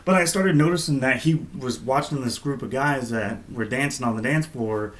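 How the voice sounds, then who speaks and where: A man co-hosting a podcast, telling stories in a relaxed, rambling way with lots of fillers. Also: mid-range voice, normal speed. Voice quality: laid-back, rambling with many fillers. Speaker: podcast co-host. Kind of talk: casual storytelling chat.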